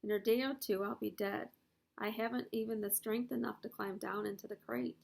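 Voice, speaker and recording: Gentle, fading female spider from a storybook, quiet and steady, gravelly texture, read by a woman. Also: medium pitch, a little fast. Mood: calm. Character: wise, dying female spider, calm and gentle.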